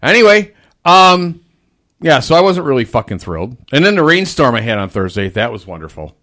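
Ranting, foul-mouthed man with lively pitch. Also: brisk. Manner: crude, swears constantly, animated ranting. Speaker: fast-food restaurant manager. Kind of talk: casual profane venting chat.

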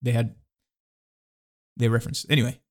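A man's voice: mid-range voice, little pitch movement, normal speed, a little mellow. A man chatting casually, hesitant and filling gaps with restarts. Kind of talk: casual podcast chat.

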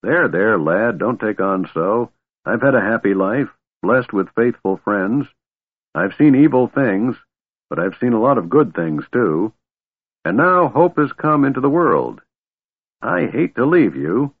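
A man voicing a gruff, fond old male dwarf warrior whose strength is fading, in a storybook reading. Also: medium pitch, sing-song, a little slow, dry recording, voice pushed up, exaggerated voice. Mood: weak gentle. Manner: grumbling, affectionate. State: weak, fading. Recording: dry thin phone-like audio.

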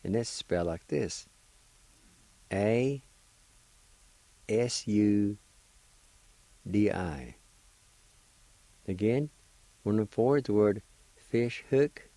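A man's voice: lowish voice, lively intonation, very slow, long pauses, dark tone, no echo, low-quality recording. A man hosting a radio language lesson, patiently spelling and pronouncing each word syllable by syllable. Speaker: radio host teaching Cherokee words. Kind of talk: slow spelling and pronunciation lesson.

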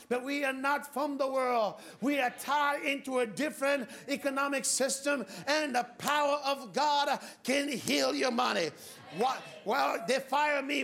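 A man preaching a fervent sermon to a congregation, exhorting them, often shouting and leading call-and-response. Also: very high voice. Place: church with a congregation. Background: faint congregation.

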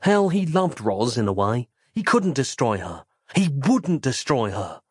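Casual: guy reading a horror audiobook, dramatic and measured, dry close sound. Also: medium pitch, very animated, breathy edge, no room sound. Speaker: narrator. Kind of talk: audiobook narration.

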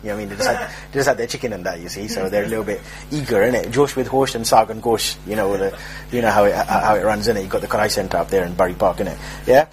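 A man's voice: fairly low pitch, lively intonation, rapid-fire, few pauses, noisy background. A young man giving an informal religious talk, telling jokey street stories and mimicking the people in them. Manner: joking, streetwise storytelling with mock voices. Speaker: preacher.

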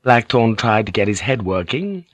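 Male audiobook narrator, lowish voice, dry close sound, measured scripted reading. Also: very animated, dry recording. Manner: voices characters with light shifts in pitch and broken English.

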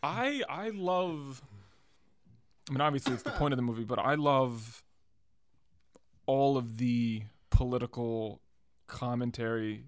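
A man chatting casually about a film, animated, breaking into quick mock voices to act out scenes. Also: mid-range voice, no room sound.

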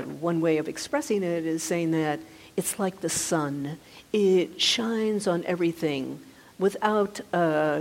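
Woman teacher, low voice, gentle conversational talk, hall echo. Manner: gentle, conversational, with frequent restarts. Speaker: meditation teacher. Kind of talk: dharma talk. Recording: reverberant hall.

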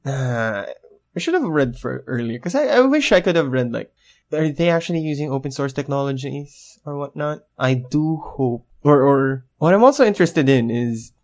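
Lively, giggly male podcast co-host. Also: medium pitch, normal speed. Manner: giggly, teasing, lots of laughter. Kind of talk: casual tech chat. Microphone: desk mic.

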